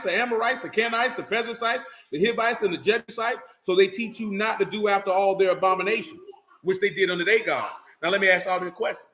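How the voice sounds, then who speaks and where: High, bright-voiced preacher in an echoey room. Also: male voice. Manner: preaching to a congregation, reading scripture aloud slowly, rhetorical questions. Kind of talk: sermon. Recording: echoey room with faint noise.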